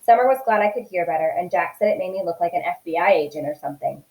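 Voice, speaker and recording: A woman teacher reading a novel aloud in an expressive, steady storytelling voice. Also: on the low side, quick pace, echoey room, dull audio.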